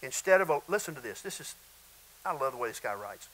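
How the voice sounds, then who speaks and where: A man's voice: mid-range voice, sing-song, fast talker, fairly bright tone, poor audio. A male pastor preaching a sermon in an emphatic, repetitive way, often calling out to the congregation.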